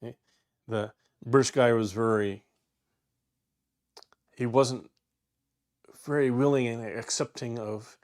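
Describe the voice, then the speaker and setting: A man in his forties hosting a casual travel livestream alone, reading viewer comments aloud and answering them in a rambling, halting way, full of fillers and restarts. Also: medium pitch, steady tone, darkish tone. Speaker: travel YouTuber and livestream host.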